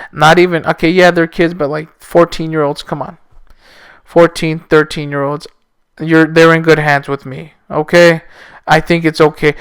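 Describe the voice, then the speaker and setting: Male teacher and podcast host; smooth, slightly high voice, sarcastic and rambling. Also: flat delivery, normal speed. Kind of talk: casual solo podcast talk.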